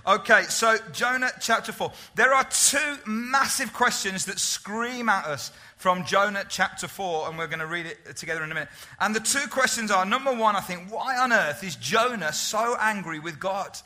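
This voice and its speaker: Casting: man preaching, high and very bright voice, emphatic, keeps firing questions at the room. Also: expressive, normal speed. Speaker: pastor. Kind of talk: sermon.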